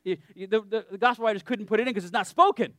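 A man's voice: high voice, rapid-fire, no room sound, studio quality. A man preaching a sermon in a conversational, joking way, often checking in with his listeners.

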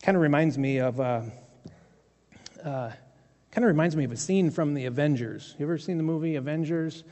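A man's voice: on the high side, a little fast, mellow. A male pastor preaching a sermon in a conversational, storytelling way with humorous asides. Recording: long hall reverb.

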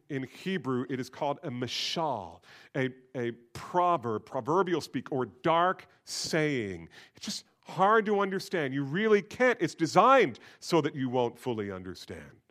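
A man preaching a sermon, moving between quiet, low asides and loud, emphatic bursts, and acting out quoted voices in a conversational way. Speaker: pastor.

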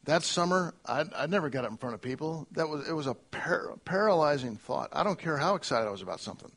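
A middle-aged male pastor preaching a sermon, earnest, moving between loud exclamations and quiet reflection. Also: on the high side, lively intonation, fast talker, creaky.

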